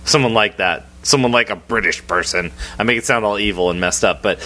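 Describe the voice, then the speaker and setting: Excitable man gushing in casual chat. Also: fairly low pitch, fairly quick. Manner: excitable, laughs often, gushing. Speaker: podcast co-host. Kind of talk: casual film discussion.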